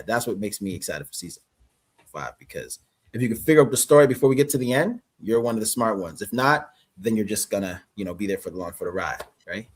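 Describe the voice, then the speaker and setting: Husky Canadian man, casual. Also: lowish voice. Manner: loose, rambling, many fillers. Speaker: actor guest. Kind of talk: casual interview chat.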